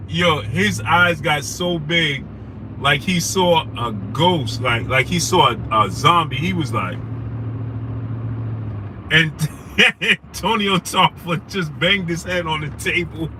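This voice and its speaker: A young man, hosting a casual livestream, telling a story animatedly and shouting out viewers. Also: a little high, takes it slowly. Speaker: livestream host. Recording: noisy street background.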